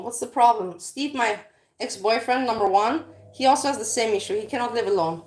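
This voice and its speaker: A woman's voice: a little high, a little fast, a little mellow. Blunt, swearing woman vlogger. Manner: blunt, profane, rambling. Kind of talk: casual rambling chat. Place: home kitchen while cooking.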